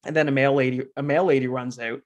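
A man's voice: medium pitch, steady tone, very fast. A man co-hosting a podcast in casual chat, rambling, laughing often and swearing casually. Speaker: podcast co-host.

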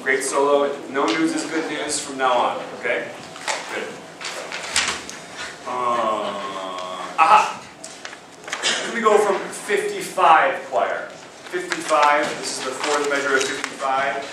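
A man's voice: mid-range voice, slow pace, long pauses, noisy background. Upbeat male choir conductor in echoey hall. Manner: upbeat, coaching, counts and sings rhythms. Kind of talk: rehearsal instruction. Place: rehearsal hall. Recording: echoey hall, distant mic, loud music.

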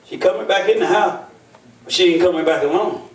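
A high-pitched older man preaches from the pulpit, spinning folksy stories and drawing call-and-response from the pews. His voice rings around an echoey church and comes from some distance away from the mic. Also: a little fast. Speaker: bishop and pastor. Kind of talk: sermon.

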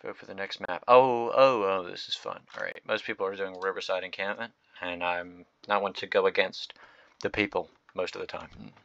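A young man giving excitable, slangy gameplay commentary, swinging from loud outbursts to mumbled asides. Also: deep voice, normal speed, creaky, no room sound, dull audio. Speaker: gaming video host.

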